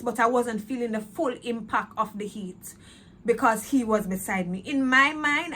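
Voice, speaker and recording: A woman's voice: on the high side, fairly bright tone. Woman telling her faith story, earnest, repeats herself, faint hum behind. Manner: earnest, repetitive, emotional retelling. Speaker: testimony speaker. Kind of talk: personal testimony storytelling.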